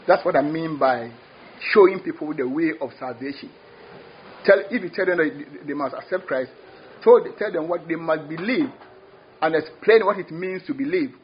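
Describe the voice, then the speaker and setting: Male preacher, husky and fairly high voice, emphatic sermon delivery, dull lo-fi recording. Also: normal speed, a little hiss or hum. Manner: emphatic, repeats words, rising exclamations.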